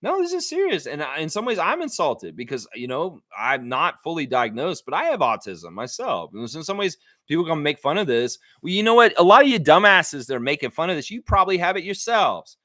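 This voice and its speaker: A man from Canada hosts a live sports stream and talks bluntly, ranting and reading the chat aloud. His pitch sits a little high and swings widely, with a bright, forceful tone. The sound is close and dry. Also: very animated, brisk, dry recording. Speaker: livestream host.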